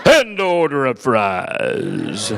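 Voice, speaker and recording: A man voicing his fiery Pentecostal preacher father, swooping loud and soft in a preacher's cadence. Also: mid-range voice, wildly swooping pitch, drawn-out words, creaky, voice pushed down, heavily acted. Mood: preachy.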